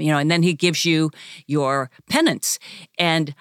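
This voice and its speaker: A man with a fairly high voice reminisces softly, with laughter running through his words. The recording is dry and close. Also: steady tone, measured pace, clear, resonant tone, no echo. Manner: reflective, soft-spoken, often laughs while talking. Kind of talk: casual chat.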